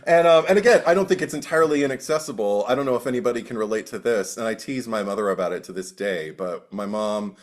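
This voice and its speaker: A man co-hosting a film podcast in casual chat, animated and laughing often, jumping into high put-on voices. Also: fast talker, hardly any pauses. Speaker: podcast co-host.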